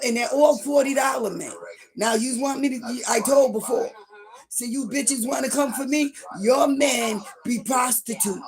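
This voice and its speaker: A middle-aged woman gossiping on a livestream in a rambling way, now and then breaking into loud outbursts. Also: on the high side.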